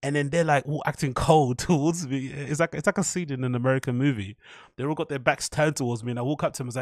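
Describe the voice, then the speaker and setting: A man's voice: mid-range voice, fast talker, no echo, clean studio sound. A man, hosting a podcast and telling a story in a loose, swearing, chatty way full of "like" and repeats. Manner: loose, profane, chatty delivery with many "like"s and repeats. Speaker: podcast host. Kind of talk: casual storytelling monologue.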